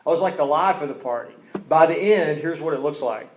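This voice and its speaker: A man's voice: fairly high pitch, brisk, reverberant, slight background noise, low-quality recording. A man telling his personal recovery story in a rambling way, full of restarts and asides. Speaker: recovery speaker.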